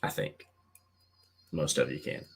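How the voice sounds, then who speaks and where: A middle-aged man hosting a live call-in show in a casual, rambling way, full of fillers and repeats. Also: measured pace. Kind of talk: casual livestream chat.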